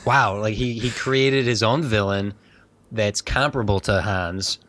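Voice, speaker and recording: A man co-hosting a casual film podcast, speaking in an animated way. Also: lowish voice, measured pace. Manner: animated, acts out quoted lines. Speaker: podcast co-host.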